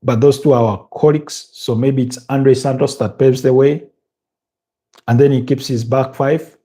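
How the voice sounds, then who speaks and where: A man's voice: medium pitch, steady tone, moderate pace, dark tone, breathy edge. A tired man from Uganda doing a live football watch-along, thinking aloud with hesitations and repeated words. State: tired, yawning. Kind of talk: live match commentary and chat.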